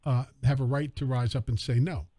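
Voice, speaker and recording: A man's voice: mid-range voice, fairly even intonation, brisk, warm tone, dry recording. A man filling in as a radio call-in host, speaking emphatically with rhetorical questions. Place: radio studio.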